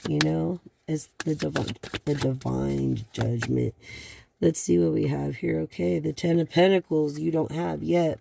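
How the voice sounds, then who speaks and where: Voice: medium pitch, creaky, mellow, slight background noise. A tarot reader giving a card reading to a viewer, rambling along with many fillers and sighs.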